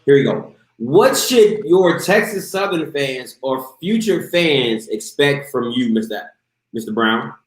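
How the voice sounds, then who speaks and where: A man's voice: medium pitch, expressive, slow. A man hosting a casual live interview show, hyped and slangy, talking straight to his viewers. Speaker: show host. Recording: echoey room.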